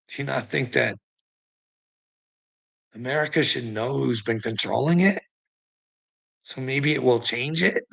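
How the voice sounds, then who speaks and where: A man's voice: mid-range voice, gravelly, pushed and bright, slightly rough, low-quality recording. A man hosting a live stream, ranting at his chat in a combative, profane way and needling viewers by name. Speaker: livestream host.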